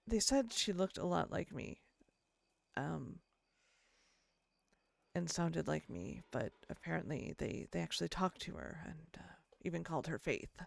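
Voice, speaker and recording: A woman's voice: sits low, expressive, unhurried, gravelly, no room sound. A woman chatting in character during a roleplay game, telling a long story that rambles and is full of swearing. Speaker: roleplayer voicing her character.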